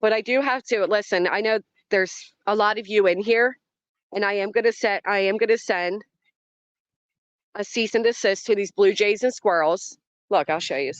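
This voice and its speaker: A woman's voice: medium pitch, moderate pace, no room sound. A woman hosting a casual livestream outdoors, dramatic and talking straight to her chat. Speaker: livestream host. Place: outdoors in a yard by trees.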